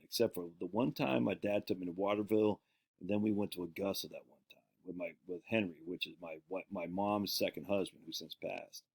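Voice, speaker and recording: A man with a fairly low voice tells loose, rambling stories from his own life, full of asides and self-corrections. He grew up on an island in Maine and hosts his own casual show. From Peaks Island, Maine. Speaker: show host.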